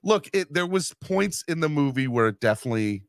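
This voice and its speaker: Fairly quick and expressive, this middle-aged man's voice runs on the high side and sounds smooth in a dry, clean studio recording. As podcast host he chats loosely over live comments, rambling, mocking himself, and often restarting or filling pauses.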